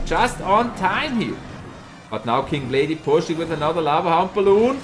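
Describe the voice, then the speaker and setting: A man's voice: on the high side, normal speed, slight background noise. A man with a Swiss German accent, casting a live mobile game tournament and chatting with viewers. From Switzerland. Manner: excitable, chatty, reads out chat and laughs. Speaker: esports caster and streamer.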